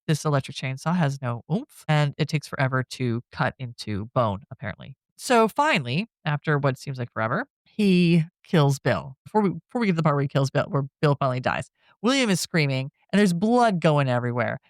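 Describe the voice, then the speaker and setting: A woman on a podcast walks through a movie's story in a relaxed, chatty way, breaking into laughter now and then. Her voice sits on the lower side for a woman. The sound is close and dry, with no room around it. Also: a little fast, dry recording. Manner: laughs often while retelling a plot, animated. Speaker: podcast co-host. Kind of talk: casual movie recap chat.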